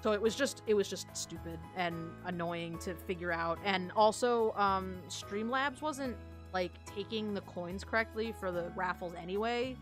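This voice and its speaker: A woman's voice: mid-range voice, moderate pace, faint music behind. A young woman livestreaming, chatting casually with viewers in a giggly, rambling, self-deprecating way. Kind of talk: casual stream chat.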